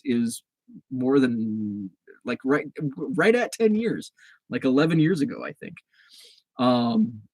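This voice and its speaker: A man's voice: medium pitch, no room sound, low-quality recording. A man hosting a casual live stream, rambling with lots of fillers and restarts as he reads and answers viewer comments. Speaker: livestream host.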